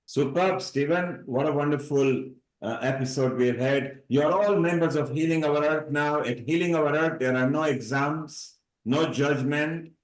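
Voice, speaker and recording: A man's voice: a little high, a little slow. A man hosting a live online celebration, moderating speakers in an upbeat, rambling way over a video call. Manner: upbeat, rambling, folksy phrasing. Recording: roomy echo.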